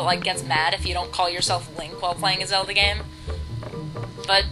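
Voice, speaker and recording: A woman hosting a casual video game playthrough, chatty and self-mocking, now and then bursting into loud shouts. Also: medium pitch, poor audio. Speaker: let's play host. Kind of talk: casual gameplay commentary. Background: video game music.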